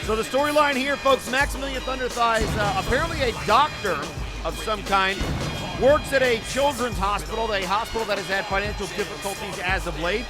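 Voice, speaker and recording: A man calling play-by-play for an online wrestling show, excitable and bursting into frantic shouting at big moments. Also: high-pitched, a little fast. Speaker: wrestling commentator. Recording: loud music and crowd noise behind.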